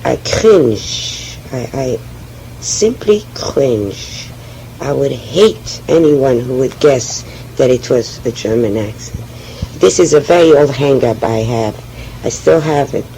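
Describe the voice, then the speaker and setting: A woman with a French accent, speaking haltingly and often restarting as she tells her personal oral history. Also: sits low, warm tone, slight background noise, poor audio. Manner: hesitant, halting, with frequent restarts. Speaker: memoir speaker.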